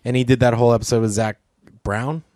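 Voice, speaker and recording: A man's voice: medium pitch, little pitch movement, a little mellow, no echo. Laid-back man, dry close mic. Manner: laid-back, laughing, quick interjections. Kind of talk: casual chat.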